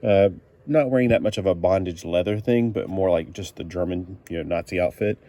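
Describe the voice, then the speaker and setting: A man with a low voice walks through an old comic book in a casual, rambling way. He stops often with fillers and corrects himself as he goes. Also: fairly quick, warm tone.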